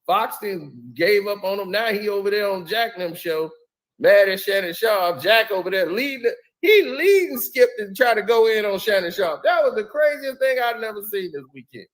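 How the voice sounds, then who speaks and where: A man with a high voice hosts a casual live stream. He talks in loose, animated slang and breaks into laughter often. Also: normal speed.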